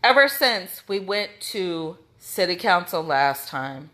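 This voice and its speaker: A woman's voice: fairly low pitch, expressive, slow, fairly bright tone. An American woman with a Midwestern accent, speaking out for a missing person's family in an impassioned, indignant rant straight to the camera, repeating her points with emphasis.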